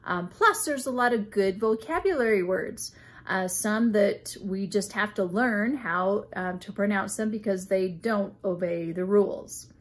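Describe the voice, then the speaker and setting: Slow, patient woman teaching children to read. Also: medium pitch. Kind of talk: children's reading lesson.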